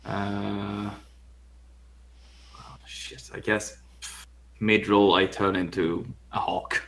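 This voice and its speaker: A man's voice: on the low side, little pitch movement, extremely slow, creaky, a bit bright, a little hiss or hum. A man playing a tabletop game, tentative and laughing through his lines. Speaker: player. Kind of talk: casual tabletop play.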